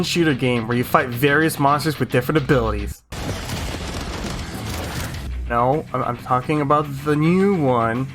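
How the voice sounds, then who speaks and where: A young man giving a sarcastic, comedic recap of gaming news, with excitable outbursts. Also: medium pitch, normal speed. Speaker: gaming YouTuber. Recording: music playing under the voice. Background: music.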